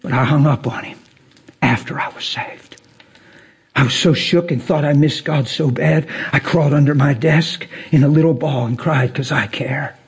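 A man preaching a passionate sermon as pastor of his church, swinging from quiet to loud. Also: moderate pace, few pauses, husky. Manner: impassioned preaching with big pitch swings.

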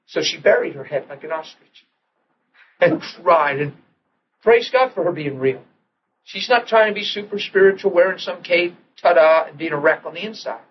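Male preacher, fairly high voice, storytelling sermon with repeated restarts, dull recording. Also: normal speed, a little hiss or hum. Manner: animated storytelling, repeats and restarts, drops to soft tones for quoted prayers.

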